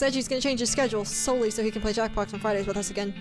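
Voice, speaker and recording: Speaking rapid-fire in a mid-range voice with fairly even intonation, a woman streamer chats casually with viewers over music. She's bubbly and teasing, laughing often during the live-stream chat.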